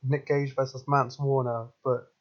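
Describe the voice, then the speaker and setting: A man's voice: mid-range voice, little pitch movement, moderate pace. An English man co-hosting a casual podcast over voice chat, laid-back and swearing easily. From England. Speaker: podcast co-host. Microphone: headset over voice chat. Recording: lo-fi headset audio over voice chat.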